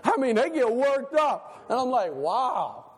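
A male pastor preaching a sermon with animated rhetorical questions and laughter between lines. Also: very high voice, moderate pace. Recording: long hall reverb.

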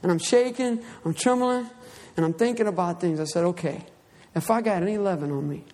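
A man preaching, reading scripture aloud and then telling a personal story in an animated way, acting out his own cries. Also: sits high, fairly quick, in a large hall. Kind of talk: Bible reading and personal testimony sermon.

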